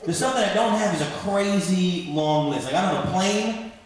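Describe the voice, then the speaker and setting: A man's voice: sits high, normal speed. A man in his thirties doing a rambling, self-deprecating stand-up comedy set on a club stage. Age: 30s. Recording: echoey club hall. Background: audience laughter.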